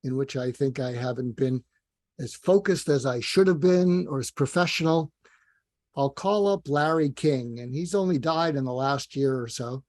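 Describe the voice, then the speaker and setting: A man's voice: mid-range voice, normal speed, a little mellow. An older man, a guest in a conversation, telling stories candidly and a little hesitantly. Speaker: guest, executive coach. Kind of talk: conversational interview.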